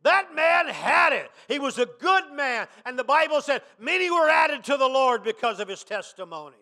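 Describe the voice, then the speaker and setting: A man pastor preaching a sermon, dropping quiet, then rising to shouted emphasis. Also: very high voice, sing-song, normal speed.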